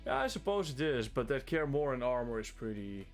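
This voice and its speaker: Brisk and very animated, a mid-range male voice comes over soft background music. The Dutch streamer jokes about himself and swears often while walking viewers through his inventory in casual live play.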